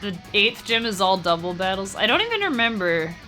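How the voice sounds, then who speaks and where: A woman's voice: mid-range voice, big pitch swings, bright, forceful tone, soft background music. A young woman streaming a game live, chatting casually with her viewers and laughing easily. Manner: chatty, talks to chat, quick laughs. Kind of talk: casual live-stream chat while gaming.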